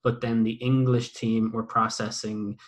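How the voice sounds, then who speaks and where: A man's voice: medium pitch, little pitch movement, unhurried. A young man hosting a podcast, chatting in a rambling, sweary, self-mocking way. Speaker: podcast host and former YouTuber. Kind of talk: casual podcast chat.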